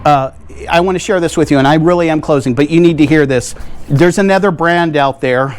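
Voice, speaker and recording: A man's voice: a little high, brisk, clean tone. A man from the United States hosting a playful product review vlog from his garage, rambling with tongue-in-cheek claims and checking in with viewers. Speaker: video host reviewing coolers. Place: home garage.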